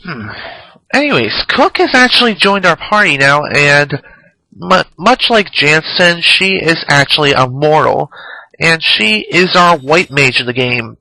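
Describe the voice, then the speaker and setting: A man talking over gameplay in a loose, rambling style, sighing between thoughts. His voice is bright and forward, a bit high, and the recording is dry and close with no room sound. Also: expressive, unhurried, gravelly, dry recording, poor audio. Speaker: gameplay commentator. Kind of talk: casual let's-play commentary.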